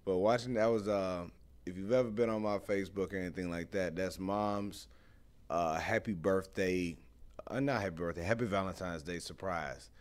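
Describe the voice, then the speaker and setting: A young man hosting a casual live stream, telling lively stories and greeting viewers in the chat, speaking. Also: sits low, moderate pace. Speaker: host.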